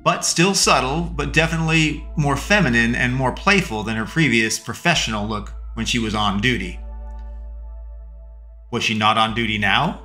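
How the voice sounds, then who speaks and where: A man narrating a first-person fiction story slowly and deliberately, with long pauses. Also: mid-range voice, pushed and bright. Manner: slow, measured, with long pauses. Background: faint music.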